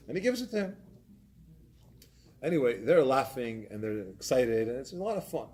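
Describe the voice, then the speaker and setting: A man's voice: medium pitch, sing-song, moderate pace, long pauses, darkish tone, slight background noise. A man, a community rabbi, telling a story in a Torah class, animatedly acting out its scenes.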